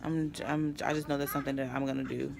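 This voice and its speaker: Exhausted gravelly-voiced woman. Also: rumbling low, little pitch movement, fast, background noise. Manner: tired, rambling, with sighs and yawns. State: exhausted from no sleep. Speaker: vlogger. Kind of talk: casual vlog update.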